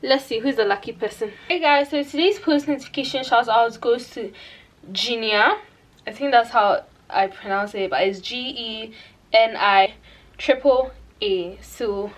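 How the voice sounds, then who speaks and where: A woman's voice: a little high, a little slow. A young woman chatting to her camera at home in a casual vlog, giggly and self-mocking. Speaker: vlogger. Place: at home indoors.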